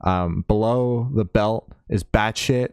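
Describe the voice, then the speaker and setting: A man's voice: on the low side, takes it slowly, a little mellow, clear, resonant tone, no echo, clean studio sound. A man co-hosting a music podcast, chatting casually about new albums, laid-back and swearing freely with lots of fillers and restarts. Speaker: podcast co-host. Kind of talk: casual music review chat.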